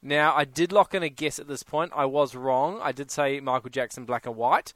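A man's voice: mid-range voice, normal speed, a bit bright, dry recording. A man hosting a radio show, running a music quiz in a playful, teasing way. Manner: playful, teasing game presenter. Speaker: radio host. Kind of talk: casual radio banter. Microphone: studio microphone.

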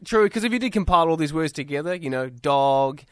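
A man's voice: on the high side, lively intonation, brisk, fairly bright tone, clear, resonant tone, dry recording, studio quality. A man co-hosting a casual radio chat, laughing often and hedging with fillers. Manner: laughs often, self-deprecating, hesitant fillers. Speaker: radio co-host.

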